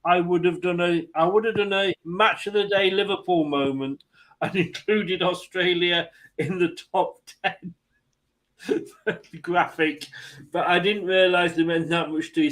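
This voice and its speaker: A high-pitched English man hosts a loose football chat. He talks easily, laughs often and restarts his sentences. The feel is relaxed banter among friends. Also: a little slow, low-quality recording. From England. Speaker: host.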